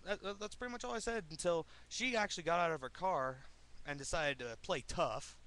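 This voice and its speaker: A man's voice: on the high side, brisk, a bit bright. A young American man ranting angrily in a profane, confrontational political vlog. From United States. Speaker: vlogger. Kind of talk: angry political rant vlog.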